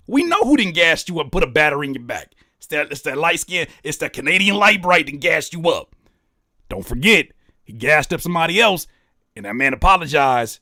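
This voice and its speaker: Lively bright-voiced man reacting. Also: a little high, no room sound, clean studio sound. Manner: animated, incredulous, sarcastic. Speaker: rapper and YouTube reaction host. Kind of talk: casual reaction commentary.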